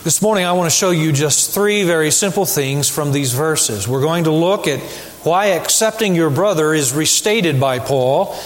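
Male preacher, fairly high and animated voice, emphatic sermon delivery, church hall with a long echo. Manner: emphatic preaching with rhetorical questions and deliberate repetition. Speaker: pastor. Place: church sanctuary.

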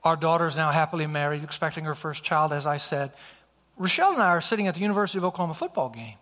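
A man's voice: fairly high pitch, expressive, very fast, sharp tone. A middle-aged male preacher telling a personal story in a sermon, earnest and acting out the dialogue. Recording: long hall reverb.

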